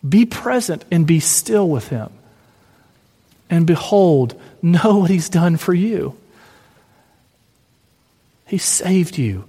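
A man preaching a gentle, encouraging sermon, building repeated lists, then leading a prayer. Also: high-pitched, animated, slow, pauses often, breathy edge, big-room sound. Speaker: pastor.

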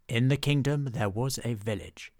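A man who writes and narrates his own storybook series, reading in a measured storytelling cadence. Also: medium pitch, darkish tone. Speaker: author and narrator.

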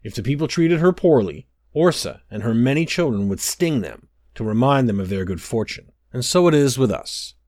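A man giving a measured, expressive scripted storybook narration. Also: mid-range voice, dry recording, clean studio sound.

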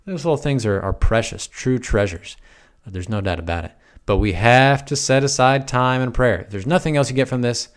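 A man's voice: medium pitch, normal speed. A man giving a casual, folksy spiritual talk on prayer, conversational with emphatic repetitions. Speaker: preacher. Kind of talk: relaxed spiritual teaching talk.

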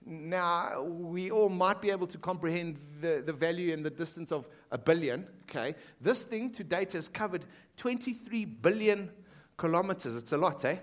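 A man preaching a sermon in a school hall, shifting between loud emphatic lines and hushed quoted lines. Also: a little high. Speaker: pastor.

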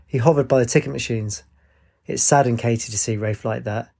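A man narrating an audiobook in an even, measured way. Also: mid-range voice, vocal fry.

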